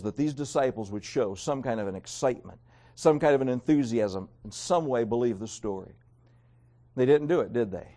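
A man preaching a sermon, reading King James scripture and swinging between raised emphasis and quiet, low endings. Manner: reads scripture aloud in King James wording. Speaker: pastor.

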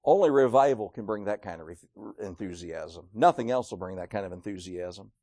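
A man preaching a sermon, animated and acting out quoted voices, swinging between loud and hushed. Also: low voice, fairly quick, no room sound, studio quality.

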